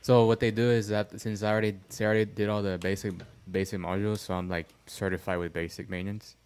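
A man with a somewhat low voice rambles through a casual podcast conversation. His talk wanders, packed with "like" fillers and frequent profanity. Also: level tone, fast, darkish tone, clear, resonant tone. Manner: rambling, heavy use of "like" and profanity. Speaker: podcast co-host. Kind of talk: casual chat.

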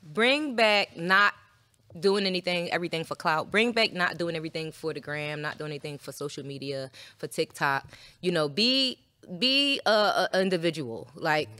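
A woman from Philadelphia talking as a podcast guest in casual chat, candid and emphatic, slowing down to stress her points. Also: fairly low pitch, sharp tone. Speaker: podcast guest, former dancer.

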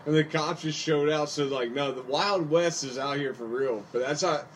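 Young man from West Virginia, profane and loose, slightly high voice, set back from the mic. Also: moderate pace, far from the mic, slight background noise. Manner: loose, profane, filler-heavy with "like". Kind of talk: casual podcast chat.

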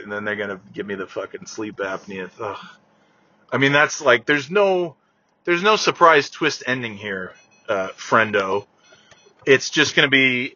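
A man talking casually while driving his car, ranting with lots of swearing and yelling at other drivers. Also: mid-range voice, slightly rough, dull audio. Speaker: vlogger.

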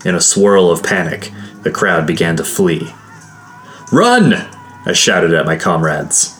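A man reading a first-person fantasy story as an audiobook, in measured, dramatic narration. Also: sits low, fairly even intonation, a little hiss or hum. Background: soft guitar music.

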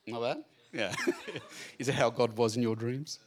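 A man giving a lively Bible talk to a live group, chatty and jokey, acting out the scenes as he goes. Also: medium pitch, measured pace. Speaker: speaker at a student Bible training night. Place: room with a live audience.

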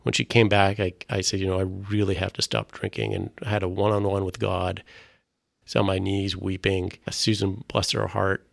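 A man's voice: sits low, fairly even intonation, vocal fry, dry recording, clean studio sound. A middle-aged man, earnestly telling his faith testimony in a conversation, often restarting his sentences. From Canada. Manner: earnest, halting, with frequent restarts. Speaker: guest sharing a faith testimony.

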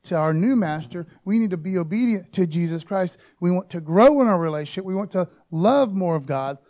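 A man preaches in a loose, conversational way. His voice sits high, and he keeps checking in with the room through quick asides and rhetorical questions. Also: lively intonation, darkish tone. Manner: informal and joking, peppers talk with "man" and "okay?", quick rhetorical asides. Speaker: pastor. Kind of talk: casual sermon.

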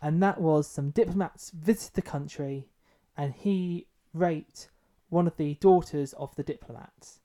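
A man's voice: fairly high pitch, a little slow, few pauses, dark tone. A man co-hosting a book podcast, talking casually and loosely, with frequent restarts and fillers. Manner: loose, hesitant phrasing with many restarts. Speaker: podcast co-host.

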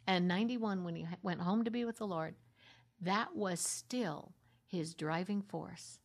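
A middle-aged woman minister telling her story in a heartfelt conversational way, sinking into a soft half-whisper at tender moments. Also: lowish voice, measured pace.

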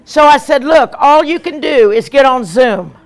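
A woman evangelist, preaching an emphatic, animated sermon with repeated lines. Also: high voice, moderate pace.

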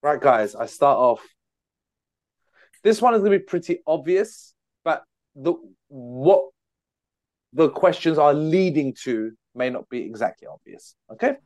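A man's voice: on the high side, animated, a little slow, long pauses, darkish tone, no echo. A Scottish man hosting a podcast, chatting casually and running a quiz in a joking manner. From Scotland. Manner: jokey, bursts into mocking impressions. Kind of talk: casual chat.

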